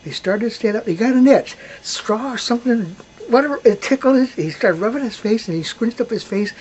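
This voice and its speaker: A dramatic, hushed male storyteller. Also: very high voice, expressive, fairly quick, breathy edge, dull audio. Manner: dramatic, drops to whispers, swells at tense moments. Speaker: father telling a story. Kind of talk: heartfelt storytelling.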